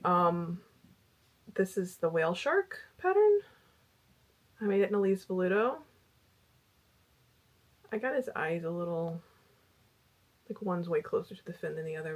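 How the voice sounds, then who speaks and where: Middle-aged woman crochet vlogger, husky and low-pitched, rambling and chatty. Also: big pitch swings, normal speed, pauses often. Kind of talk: casual chat.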